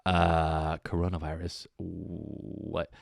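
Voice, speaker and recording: A man's voice: low voice, flat delivery, drawn-out words, vocal fry, no echo, studio quality. A man hosting a casual solo comedy podcast, rambling and meandering, with lots of "dude" and "man.". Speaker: podcast host.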